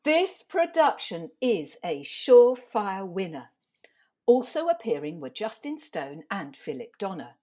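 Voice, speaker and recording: A timid young stage assistant, voiced by a woman, talks slowly in a breathy voice. She hesitates and apologises at every turn. Her pitch sits a little high and rises and falls readily. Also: sing-song, warm tone, rough recording. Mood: reading.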